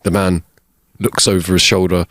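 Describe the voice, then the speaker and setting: A man's voice: low-pitched, flat delivery, normal speed, a bit bright, no room sound, clean studio sound. A man co-hosting a comedy podcast, telling jokes in a casual, laughing way. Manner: jokey, laughs often, restarts sentences. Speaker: podcast co-host. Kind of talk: casual chat.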